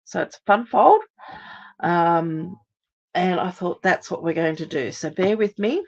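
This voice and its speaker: A hoarse, lower-pitched middle-aged woman talks viewers through a craft project step by step, chatty and full of ums. The audio sounds dull and muffled, like a home live stream. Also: expressive, unhurried. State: hoarse, recovering voice. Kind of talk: live card-making demonstration.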